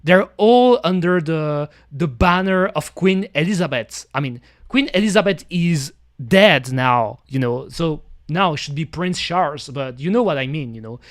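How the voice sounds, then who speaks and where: A man's voice: a little high, expressive, moderate pace, few pauses. A man streaming and chatting casually as he reacts to a video, rambling with many fillers, restarts and small grammar slips. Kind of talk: casual chat.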